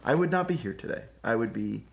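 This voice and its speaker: A man co-hosting a church podcast, chatting casually and telling animated stories. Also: mid-range voice, fast talker, vocal fry. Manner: animated storyteller. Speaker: podcast co-host. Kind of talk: casual chat.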